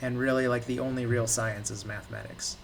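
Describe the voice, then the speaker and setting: A man with a gravelly, fry-laden voice explains his ideas in loose casual chat, hedging and circling as he lectures. He sits a little back from the mic, with a faint hiss underneath. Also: mid-range voice, little pitch movement, fairly quick. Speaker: podcast co-host. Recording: distant mic with faint background noise.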